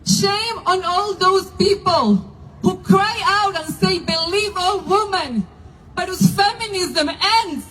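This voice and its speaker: A woman delivers a passionate rally speech in a very high voice. She speaks slowly and deliberately, driving home each repeated refrain. A faint hiss of background noise sits under her words. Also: fairly bright tone, poor audio. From Argentina. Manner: fiery, declamatory, with repeated rhetorical refrains. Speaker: religious leader speaking at a rally. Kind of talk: impassioned protest speech.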